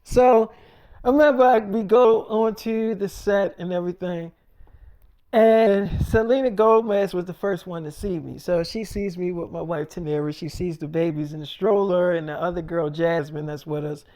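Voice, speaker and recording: A man's voice: high voice, fairly even intonation, normal speed, dark tone. A man telling a long made-up story in a casual, rambling way. He swears a lot and keeps saying "I'm like".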